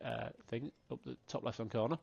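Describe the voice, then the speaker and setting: A man narrating as game master, talking in halting bursts with many restarts. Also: mid-range voice, steady tone, vocal fry, a little mellow, slightly rough. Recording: dry, slightly dull online call audio.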